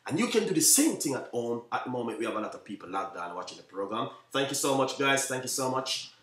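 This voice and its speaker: Fast-talking Jamaican man, chef live host. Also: medium pitch, big pitch swings, fairly bright tone, reverberant, recorded from a distance. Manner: repetitive, keeps saying "you know what I mean"; talks fast, by his own account. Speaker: chef hosting a live cooking stream. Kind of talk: live stream chat to viewers.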